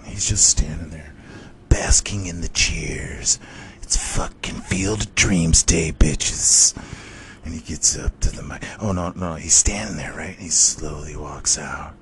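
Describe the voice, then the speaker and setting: A man hosting a podcast, telling a long story in casual, rambling talk full of swearing and excited bursts. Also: low-pitched, a little hiss or hum. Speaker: podcast host.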